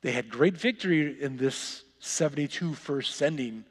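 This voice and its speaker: A man preaching a sermon as pastor, dropping soft and low for reflection and rising loud and excited when he retells scripture. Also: moderate pace, long reverb tail.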